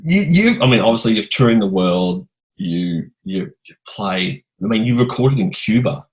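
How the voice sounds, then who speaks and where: A podcast host with a fairly low voice. He rambles through anecdotes in a relaxed, chatty interview, full of restarts and lively asides. It sounds like easygoing conversation between fellow drummers. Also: a little slow, rough recording. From Australia. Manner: rambling anecdotal storyteller, animated. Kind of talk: casual interview chat.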